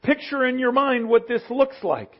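A man's voice: extremely high pitch, animated, normal speed, highs cut off. A man preaching a conversational sermon, leaning on asides and rhetorical questions to his listeners. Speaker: pastor.

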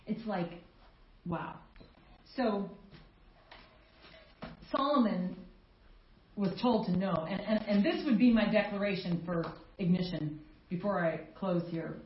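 A woman pastor preaching a sermon in an expressive, emphatic way. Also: medium pitch, slow, pauses often, slight background noise. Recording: dull, echoey church recording.

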